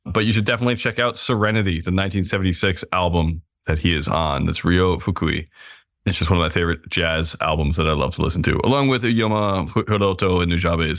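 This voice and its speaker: A man's voice: low voice, vocal fry, fairly bright tone, dry recording, studio quality. A man hosting a podcast, chatting casually and upbeat while reading out the show's plugs. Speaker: podcast host.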